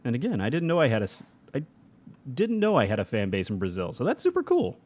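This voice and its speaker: A young man talking casually through a live game stream, greeting viewers and laughing easily. His pitch swings up and down a lot as he chats, in a mid-range voice. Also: wildly swooping pitch, fast, darkish tone. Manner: chatty, reads chat aloud, laughs often.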